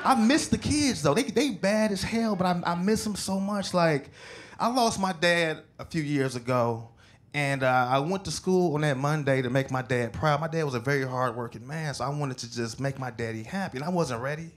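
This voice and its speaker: A man doing a stand-up set on a club stage, telling stories with animated acted-out voices into a handheld mic. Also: fairly high pitch, moderate pace. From Chicago. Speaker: stand-up comedian. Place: comedy club stage before a live audience. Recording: live club recording with crowd and noise. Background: audience laughter.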